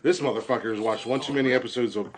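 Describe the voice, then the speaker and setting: A man's voice: medium pitch, rapid-fire. A man hosting a comedy podcast, reading a news story and riffing on it crudely while laughing at his own jokes. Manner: laughs through his own jokes, stumbles over words. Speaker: podcast host.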